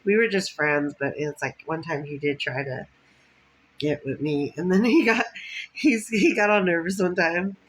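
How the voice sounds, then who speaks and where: Woman vlogger, casual storyteller, rambling and foul-mouthed, quick laughs, faint noise behind. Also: on the low side, rough recording. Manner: rambling, profane, laughs often. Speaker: vlogger telling stories.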